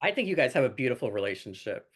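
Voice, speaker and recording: A man's voice: mid-range voice, big pitch swings, racing, slightly rough. A man from New Jersey who hosts a podcast, talking in a chatty, rambling way full of fillers. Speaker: podcast host. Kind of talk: casual interview chat.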